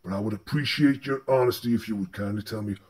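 A man voicing a solemn old colonial-era father scolding his son, slow and grave. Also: fairly low pitch, voice pushed down, close to an everyday voice. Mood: stern.

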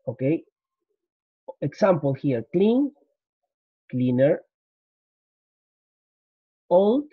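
A male English teacher gives a repetitive, slide-based grammar lecture, drilling every point and switching into Spanish to explain. His voice is fairly high and slightly rough, with no room sound, and the recording is dull and lo-fi.

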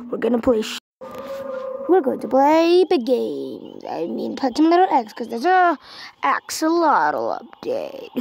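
Excitable high-voiced woman gaming. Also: creaky, a little hiss or hum. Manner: excitable, swears a lot, reacts loudly to the game. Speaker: gaming vlogger. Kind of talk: casual let's-play commentary.

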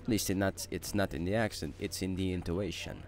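A man, not a native English speaker, commenting excitedly while playing a video game and thinking aloud. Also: low-pitched, a little fast. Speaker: gaming channel host. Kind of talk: let's-play commentary.

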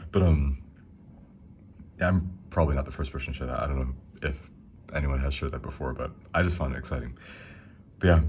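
A young man giving a casual, rambling devotional talk, reading verses slowly and enthusing between them. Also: rumbling low, slight background noise. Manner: reads scripture slowly. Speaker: Christian speaker.

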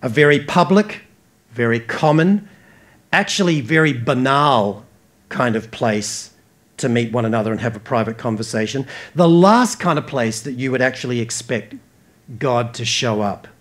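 A man's voice: medium pitch, normal speed. Earnest Australian preacher man. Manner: earnest preaching with emphatic swells and soft drops. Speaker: pastor. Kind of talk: sermon.

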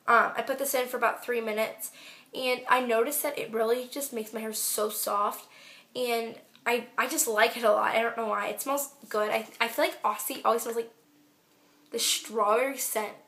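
A woman's voice: fairly high pitch, steady tone, moderate pace, pushed and bright. A teenage girl chatting casually through her hair care products, rambling with lots of fillers. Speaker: beauty vlogger. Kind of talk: casual product review vlog.

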